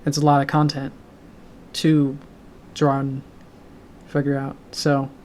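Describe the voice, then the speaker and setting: A man chatting casually on his live stream about his animation projects, with a sore, tired throat, talking haltingly with fillers and soft laughs. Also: mid-range voice, completely flat delivery. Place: home room with a loud heater. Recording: faint heater hum behind.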